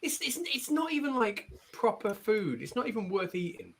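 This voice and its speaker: A man's voice: high-pitched, very animated, normal speed, a bit bright. A man from England, chatting wryly on a group video call and grumbling about sweets.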